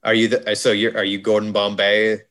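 A man's voice: on the low side, completely flat delivery, moderate pace, fairly bright tone. Podcast co-host, male, jokey and rambling, casual chat, self-corrects a lot. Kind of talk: casual movie discussion chat.

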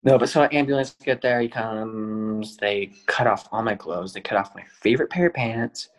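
A man's voice: lowish voice, normal speed, rough recording. A young man telling a long personal story in earnest detail on a podcast, full of fillers. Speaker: guest.

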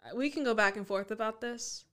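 A woman's voice: fairly high pitch, fast, a bit bright, clear, resonant tone. A woman from Southern California, a podcast guest in casual chat, earnestly pushing back in friendly argument.

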